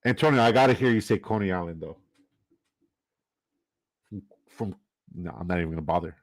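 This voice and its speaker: A man's voice: low voice, expressive, a little fast. A man from Canada, giving loose, jokey commentary and swearing casually while running down a fantasy football draft.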